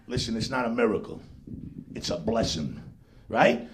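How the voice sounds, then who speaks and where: A man's voice: mid-range voice, expressive, moderate pace. A man doing a brash, profane live stand-up set in a comedy club. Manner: brash, profane street-talk delivery with put-on voices. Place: comedy club stage with laughing audience.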